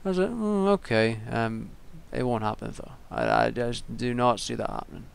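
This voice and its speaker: Rambling young man with gravelly voice. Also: medium pitch, huge pitch swings, a little fast. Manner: rambling, frequent ums and restarts. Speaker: wrestling vlogger. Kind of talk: casual solo commentary.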